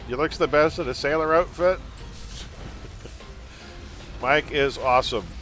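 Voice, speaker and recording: A man's voice: fairly high pitch, takes it slowly, a bit bright, soft background music. A man hosting a live game stream, chatting casually with viewers and teammates, joking and laughing often.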